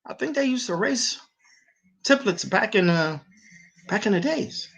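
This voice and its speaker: Animated slangy man hosting a livestream. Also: high-pitched, a little slow, vocal fry, breathy edge. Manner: animated storytelling with slangy, repetitive speech. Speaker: livestream host. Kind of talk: casual livestream chat.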